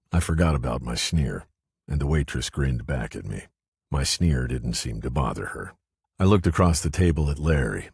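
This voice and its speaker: A man reading a first-person mystery audiobook in a low, subdued way. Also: a little mellow, husky, no echo, studio quality. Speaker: audiobook narrator. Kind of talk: scripted first-person narration.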